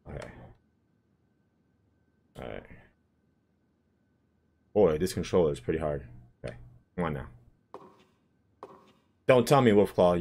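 A man's voice: very deep voice, darkish tone. A man giving casual, swearing commentary while playing a horror game and chatting with a viewer. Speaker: gamer streaming a horror game.

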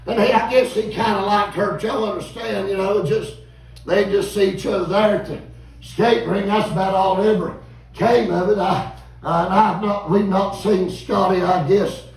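A man, preaching a revival sermon in a folksy, animated storytelling way and calling out to the congregation. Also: high voice. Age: 50s. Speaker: visiting preacher. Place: church sanctuary. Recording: echoey church room, mic at a distance.

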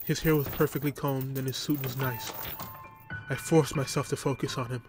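A man narrating a first-person horror story in a steady, even storytelling manner. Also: medium pitch, normal speed. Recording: music bed under voice.

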